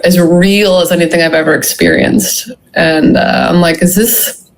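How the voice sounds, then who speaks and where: A woman's voice: on the low side, fairly even intonation, normal speed, poor audio. A woman being interviewed about her memoir, telling a personal story in a reflective way, full of "you know" and "like". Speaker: guest, memoir author.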